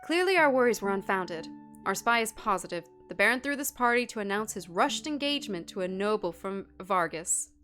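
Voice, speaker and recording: A woman voicing a courteous male royal spymaster in a game, reading his lines in a formal, measured way. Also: medium pitch, animated, fairly bright tone, faint music behind, natural voice.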